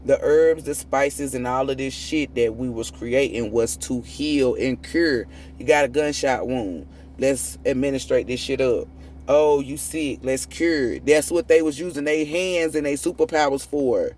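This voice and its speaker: A woman's voice: rumbling low, a little slow, darkish tone, slight background noise. A woman tarot reader delivering a profane, preachy spiritual rant, emphatic and prone to repeating and restarting words when fired up. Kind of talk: ranting spiritual monologue.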